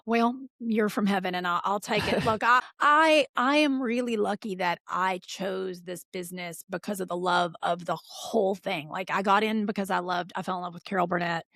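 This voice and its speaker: A middle-aged woman chatting as a guest in a home art studio, an animated storyteller who acts out remembered dialogue. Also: mid-range voice, moderate pace, creaky, hardly any pauses, dry recording. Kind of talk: casual chat.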